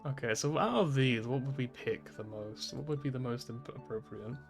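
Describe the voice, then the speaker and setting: A man's voice: mid-range voice, normal speed, soft background music. Giggly streamer man rambling over a game. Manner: giggly, self-correcting, rambling. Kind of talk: game stream commentary, reading aloud.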